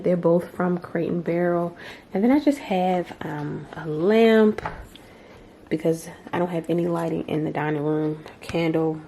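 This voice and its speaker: Mellow low-voiced woman chatting casually. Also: slight background noise. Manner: chatty, relaxed, addresses viewers as "y'all". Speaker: home decor vlogger. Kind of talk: casual home tour chat. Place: living room in her home.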